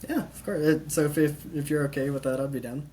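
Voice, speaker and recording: A man's voice: a little high, steady tone, fairly quick, darkish tone, slight background noise. A man hosting a casual podcast conversation in an easygoing way, with frequent short laughs. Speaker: podcast host.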